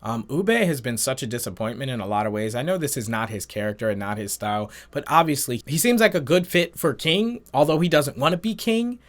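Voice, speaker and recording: A man hosting a reaction channel, recapping and giving his opinions on a TV episode in casual, animated chat. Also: mid-range voice, fairly quick, hardly any pauses.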